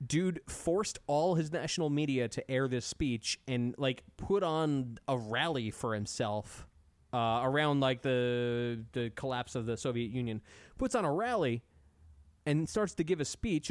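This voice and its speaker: A man chatting casually on a podcast, telling stories in an animated way with plenty of swearing. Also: medium pitch, normal speed, no echo. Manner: profane, animated storytelling. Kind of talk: casual chat.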